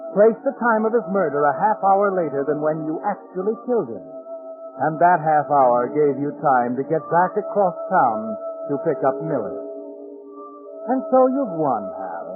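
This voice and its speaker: Sly, all-seeing man narrator, lilting and mocking, tinny old radio with music underneath. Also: on the high side. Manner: taunting, measured, addresses the listener as you. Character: sinister all-knowing male narrator addressing a killer. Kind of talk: 1940s radio acting. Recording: tinny 1940s radio broadcast over music.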